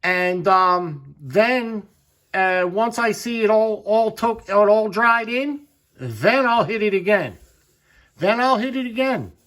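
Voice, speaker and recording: High-voiced folksy man demonstrating. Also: lively intonation, slow, fairly bright tone. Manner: folksy, repeats words for emphasis. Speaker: knife channel host. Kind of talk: hands-on demonstration.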